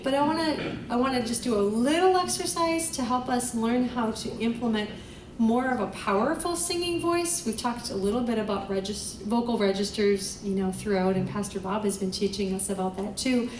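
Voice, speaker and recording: A woman's voice: fairly high pitch, fairly even intonation, a little fast, few pauses, a little mellow, a little hiss or hum. A woman leading a choir vocal class, explaining technique in a chatty way and singing the exercises to demonstrate. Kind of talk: group voice lesson. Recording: echoey room, voice from far off, music behind.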